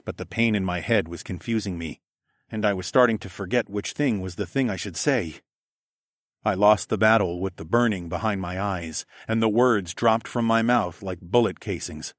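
A man's voice: on the low side, moderate pace, dry recording, clean studio sound. A man narrating a first-person fantasy audiobook expressively, acting out the dialogue.

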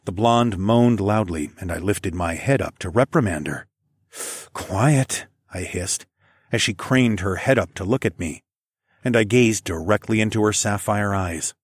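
Low husky male storyteller. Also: no room sound, studio quality. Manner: low, measured, intimate reading. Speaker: narrator. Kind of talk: first-person story narration.

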